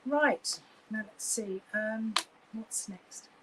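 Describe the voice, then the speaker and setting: A woman's voice: a little high, drawn-out words, heavy background noise. A woman giving live psychic readings, gushing and effusive, with many fillers and restarts.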